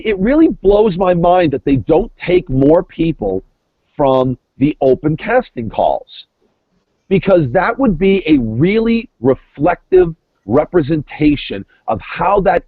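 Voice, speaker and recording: A man's voice: a little high, very animated, unhurried, dry recording. A middle-aged man, a former reality show contestant, chatting as a podcast guest over the phone in an emphatic way, often repeating words. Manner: emphatic, repeats words while building points. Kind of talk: casual podcast chat. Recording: tinny dry phone line.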